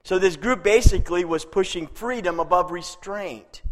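High-voiced male pastor in a reverberant hall. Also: normal speed, fairly bright tone, a little hiss or hum. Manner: chatty, chuckles at his own jokes. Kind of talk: sermon.

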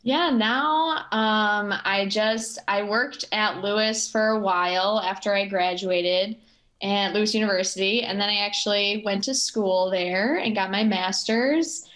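A young woman in her twenties chats as a podcast guest, giggling and poking fun at herself. She speaks unhurriedly at a middle pitch, letting her phrases drift out. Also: fairly bright tone. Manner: giggly, self-deprecating, drawn-out phrasing. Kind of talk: casual chat.

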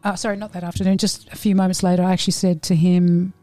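A woman in her late forties telling personal stories in a casual interview, animated and frank, acting out the voices she quotes. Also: on the low side, fast talker, dry recording, faint music behind. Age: 40s. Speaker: podcast guest.

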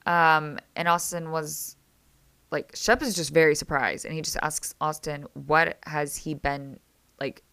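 A woman with a low voice, a bit slow and with vocal fry, hosts a casual reality TV recap in a clean tone. She's chatty and opinionated, reacts animatedly, and often stops to restart and correct herself.

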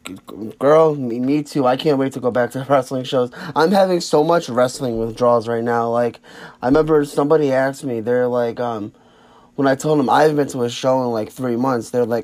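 A man casually interviewing a guest, relaxed, leaning on "you know" fillers and the odd swear. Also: medium pitch, brisk.

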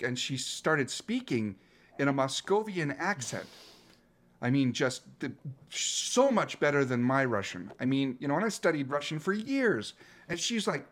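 A man's voice: mid-range voice, sing-song, normal speed, fairly bright tone. A man in his fifties, a coach, speaking earnestly and reflectively as an interview guest, often restarting his phrases. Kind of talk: interview guest telling a story.

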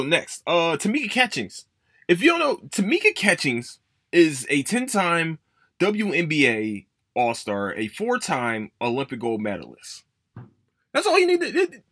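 A man hosting a casual sports podcast, ranting emphatically with plenty of swearing and sudden high-pitched emphasis. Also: pushed and bright, dry recording, clean studio sound. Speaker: podcast host.

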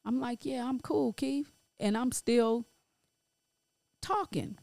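A grief-stricken middle-aged woman talks slowly and haltingly, starting her sentences over and over. Her voice sits at an ordinary pitch, and the recording is dry and close, with no room sound. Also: creaky, darkish tone, no echo. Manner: halting, emotional, many restarts. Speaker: grieving mother sharing her story. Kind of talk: personal spoken monologue.

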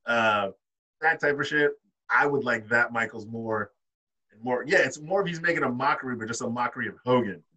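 A man's voice: medium pitch, a little fast, pushed and bright, poor audio. A man co-hosting a casual wrestling podcast, talking in loose slang and swearing. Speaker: podcast co-host. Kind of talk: casual chat. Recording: husky voice, a bit off-mic.

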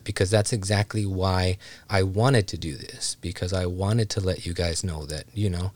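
Low-voiced man hosting a candid podcast. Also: fairly even intonation, moderate pace. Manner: candid, rambling, heartfelt, many "you know" fillers. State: emotional, voice strained. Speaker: podcast host. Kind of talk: casual solo podcast talk.

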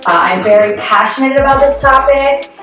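A woman's voice: high voice, normal speed, a bit bright, very echoey, distant mic, faint music behind, poor audio. A woman in her thirties hosting a podcast, chatting frankly with lots of fillers and restarts. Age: 30s. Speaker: podcast host. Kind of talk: casual candid chat.

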